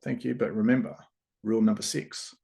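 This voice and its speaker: Man as a gentle, composed older statesman, low and quiet. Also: creaky. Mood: calm. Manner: calm, gentle, unhurried. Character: calm, smiling male home prime minister.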